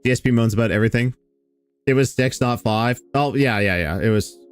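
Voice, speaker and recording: Male host, mid pitch, laid-back sardonic commentary, faint music underneath. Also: fairly quick, smooth. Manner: relaxed, rambling, sardonic with fillers. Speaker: host reacting to clips. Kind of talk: casual commentary over clips.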